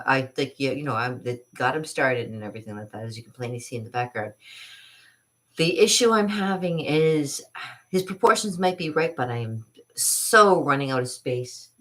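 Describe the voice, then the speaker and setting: A woman's voice: extremely low pitch, a bit bright. A woman hosting a casual vlog, telling a rambling story with lots of laughter and restarts. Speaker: vlog host and artist.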